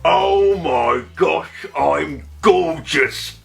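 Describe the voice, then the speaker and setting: A man doing a slow, gruff lady dragon. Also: fairly high pitch, lively intonation, music in the background, full character voice. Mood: vain. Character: huge, blunt female dragon, vain and gruff. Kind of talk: bedtime storybook voice acting.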